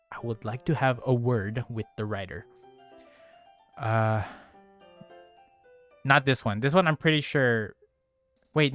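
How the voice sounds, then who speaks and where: A man's voice: medium pitch, fairly bright tone. A man giving casual gaming commentary, frustrated and swearing as he rambles with restarts. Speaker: let's play gamer.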